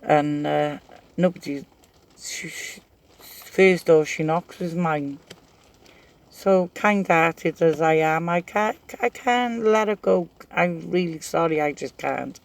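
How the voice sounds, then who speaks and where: A man's voice: a little high, slow, creaky. A middle-aged man, casually rambling through stories and laughing as he tells them. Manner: chatty, rambling, laughs while telling stories. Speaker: craft vlogger. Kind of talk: casual storytelling.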